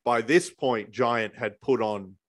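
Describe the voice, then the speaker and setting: A man co-hosting a relaxed podcast conversation, retelling moments and slipping into voices for the people he quotes. His pitch is average and his delivery is easygoing. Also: takes it slowly. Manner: storytelling, acts out quotes in voices. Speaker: podcast co-host. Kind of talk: casual chat reviewing wrestling.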